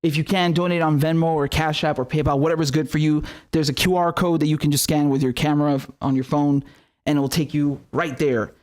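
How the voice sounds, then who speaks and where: A man's voice: a little high, steady tone, a little fast, darkish tone. A man hosting his own independent news show, thanking his viewers in a casual, earnest way while running short on sleep. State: tired from lack of sleep. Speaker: independent journalist host. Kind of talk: casual direct-to-camera outro.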